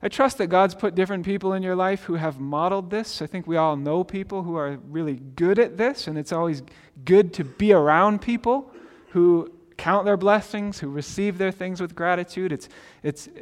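At a moderate pace, a high-voiced man preaches informally, as if chatting. His start is stumbling, he often asks "right?", and a long reverb hangs over the sound of this pastor.

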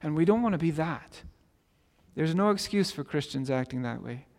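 A man with a high voice preaches a sermon in a loose, conversational way. He keeps checking in with "right?" and trips over his first words. A long reverb hangs on his voice. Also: expressive, normal speed, a little mellow. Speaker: pastor.

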